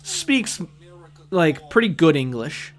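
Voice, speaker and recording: A man hosting a casual reaction video, talking in a rambling, deadpan, self-mocking way. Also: a little high, takes it slowly. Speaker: host reacting to his old videos.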